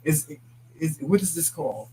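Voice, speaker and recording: A man's voice: a little high, moderate pace, slight background noise, poor audio. A man co-hosting a casual live-stream talk show, reading comments and laughing as he talks. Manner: animated, laughing, reads viewer comments aloud.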